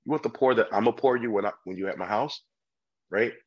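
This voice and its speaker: A man from California, a sommelier guest, chatting casually and telling animated stories, acting out customers' voices. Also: lowish voice, fast, lo-fi sound. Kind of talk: casual chat.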